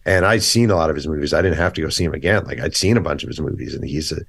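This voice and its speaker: Male author guest, low register, dry mic; animated, opinionated storyteller. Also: rapid-fire, vocal fry, no room sound. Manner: animated storyteller acting out quoted dialogue; blunt, opinionated. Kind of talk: casual podcast interview.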